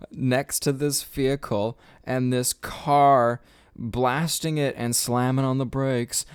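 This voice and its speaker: A man's voice: mid-range voice, fairly even intonation, takes it slowly, clean tone, no room sound, studio quality. A young man hosting a podcast, telling a long rambling story casually, swearing often and laughing at himself. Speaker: podcast host.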